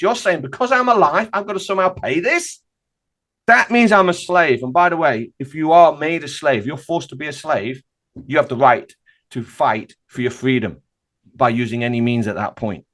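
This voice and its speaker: A man speaks as a podcast guest, pressing his points hard and firing off rhetorical questions. His voice sits a little high and swings widely in pitch as he drives each argument home. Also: fairly bright tone. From United Kingdom. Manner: emphatic and insistent, preaching with rhetorical questions. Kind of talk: animated podcast conversation.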